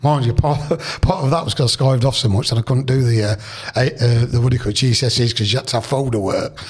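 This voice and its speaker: A middle-aged man, guesting on a podcast and spinning rambling, animated stories. He trips over his own restarts and slips into voices for the people he quotes. His tone is husky, with a mid-range pitch. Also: fast. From Leicester, England. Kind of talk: casual storytelling interview.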